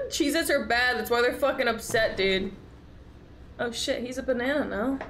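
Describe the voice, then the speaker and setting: A young woman streaming, chatting casually while reacting to videos, excitable and swearing freely. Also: a little high, normal speed, a little hiss or hum.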